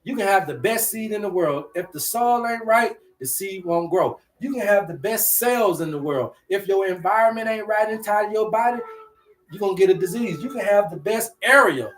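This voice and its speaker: Male host, higher voice; preachy, repetitive livestream teacher addressing viewers. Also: animated, moderate pace. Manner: preachy, repetitive, slangy, talks to chat.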